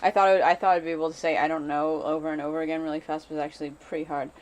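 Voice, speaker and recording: A vlogger films herself on camera in an unscripted, anxious, rambling monologue, repeating the same phrases again and again. Her voice is deep with little pitch movement, and she talks rapid-fire.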